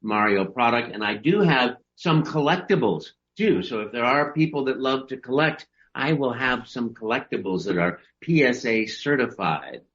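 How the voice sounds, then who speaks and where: A man's voice: medium pitch, moderate pace, few pauses. Enthusiastic guy on a zoom interview, lots of ups and downs in his voice. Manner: upbeat, expressive, enthusiastic. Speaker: voice actor guest. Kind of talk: casual interview over video call. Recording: dull lo-fi video call audio.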